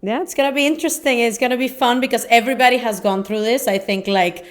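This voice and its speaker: A woman's voice: a little high, fast. Chatty young woman podcast host. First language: Spanish. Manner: chatty, laughs often, filler-heavy. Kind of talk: casual chat.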